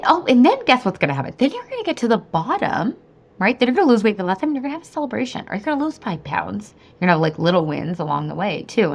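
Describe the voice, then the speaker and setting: Female podcast host, thirties, lower-pitched voice, chatty motivational solo talk full of "like" and "okay". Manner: chatty and upbeat, lots of "like" and "okay", swings into high excited bursts. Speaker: podcast host and weight-loss coach.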